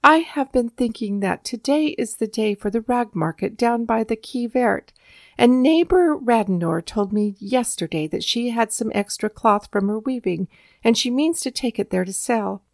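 A woman's voice: fairly high pitch, lively intonation, normal speed, creaky, dry recording, clean studio sound. Woman doing a frail, sad old grandmother.

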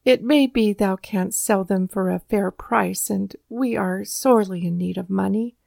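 A woman voicing a frail, weak old grandmother who speaks slowly, low and sadly, with a creaky edge. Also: a little mellow, dry recording, studio quality. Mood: pleading.

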